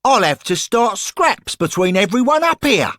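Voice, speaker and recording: A man putting on a loud brash football hooligan. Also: high voice, sing-song, moderate pace, dry recording, clean studio sound, voice pushed up. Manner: loud, boastful, cocky. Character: brash rowdy young male football hooligan ghost.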